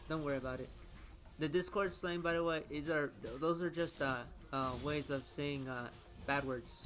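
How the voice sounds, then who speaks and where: A man's voice: medium pitch, fairly bright tone. A young man with a Floridian accent chatting casually while playing a game, reacting aloud and often trailing off mid-sentence. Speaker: gaming content creator. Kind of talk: casual gameplay commentary.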